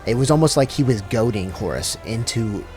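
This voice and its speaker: A man's voice: mid-range voice, expressive, a little fast, a little mellow, faint music behind. A young man casually recapping a sci-fi novel in a slangy, profane, rambling way, mixed with read passages. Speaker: lore recap host. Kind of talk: casual comedic book recap.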